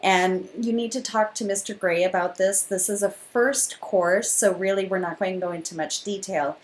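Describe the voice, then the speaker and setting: A woman's voice: medium pitch, fairly even intonation, moderate pace, rough recording. A woman giving a classroom lecture, explaining step by step and acting out example questions. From not from Liberia.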